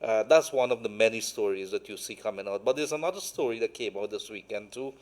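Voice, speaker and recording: Male host, fairly low voice, meandering and hesitant, with plenty of ums and uhs. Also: fast, darkish tone. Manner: rambling, hesitant with many fillers. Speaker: host, senior journalist. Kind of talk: talk show discussion.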